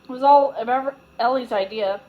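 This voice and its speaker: An eager, chatty young girl, played by a woman reading a storybook, rattles on in a high-ish voice. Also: normal speed, phone-quality sound, close to an everyday voice.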